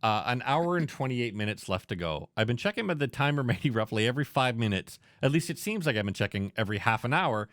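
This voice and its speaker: A man co-hosting a movie podcast, retelling scenes with lots of swearing and little acted bits. His pitch swings widely as he talks. The sound is dry and close, with no room echo. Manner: animated, profane, acts out scenes in quick voices. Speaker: podcast co-host. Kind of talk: casual movie review chat.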